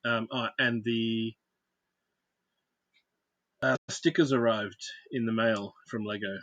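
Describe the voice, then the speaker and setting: A man's voice: on the low side, steady tone, takes it slowly, a bit bright, dry recording, muffled recording. A man hosting a casual livestream, chatting and greeting viewers by name while he builds. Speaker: livestream host.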